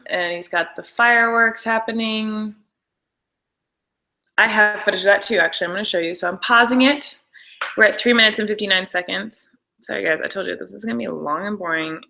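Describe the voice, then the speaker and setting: A woman's voice: medium pitch, brisk, vocal fry, sharp tone, low-quality recording. A young woman chatting casually on a live stream, gushing over behind-the-scenes stories with apologetic asides. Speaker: show creator and host.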